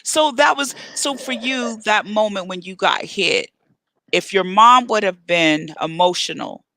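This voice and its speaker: A woman hosting an interview, asking eager, expressive questions. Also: mid-range voice, a little slow, a little hiss or hum. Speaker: host.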